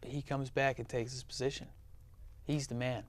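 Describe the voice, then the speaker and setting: A man's voice: mid-range voice, little pitch movement, normal speed. A man hosting a casual sports talk show, teasing his guests as he talks. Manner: teasing, joking. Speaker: host.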